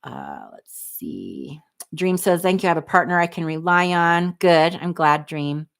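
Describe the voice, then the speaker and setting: A lowish-voiced woman in her forties, chatting on a livestream. She reads viewer comments and answers them with candid, snarky asides. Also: animated, unhurried, gravelly, clear, resonant tone. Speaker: livestream host reading chat. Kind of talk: casual livestream chat.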